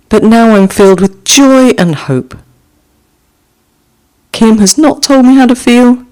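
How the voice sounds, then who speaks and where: A woman hosting a podcast, reading listener haiku and discussing them in a measured way, repeating each poem twice. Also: medium pitch, a little mellow. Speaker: podcast host.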